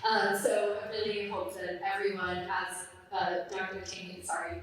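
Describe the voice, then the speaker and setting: A woman's voice: mid-range voice, level tone, moderate pace, a little hiss or hum. Event host, woman, filler-heavy thanks, roomy distant hall sound. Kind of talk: live event remarks. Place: large hall. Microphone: distant room mic. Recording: echoey hall from far off.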